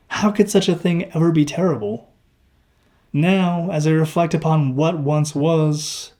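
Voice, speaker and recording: A man with a slightly higher voice reads his own novel aloud in the first person. His throat sounds dry. He reads expressively and acts out the dialogue as he goes. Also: mellow.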